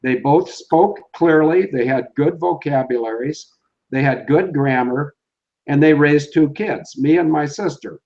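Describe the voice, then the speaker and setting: An older man speaking as a guest, giving fervent, preachy testimony with slow, emphatic delivery. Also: fairly high pitch, darkish tone, dull audio. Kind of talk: earnest religious testimony.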